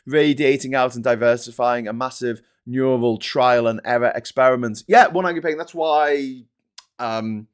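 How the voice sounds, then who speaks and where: A man's voice: medium pitch, normal speed, clean tone. A middle-aged man with an English accent hosting a casual live-stream, chatty and restless, laughing often as he mocks trolls and critics. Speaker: host.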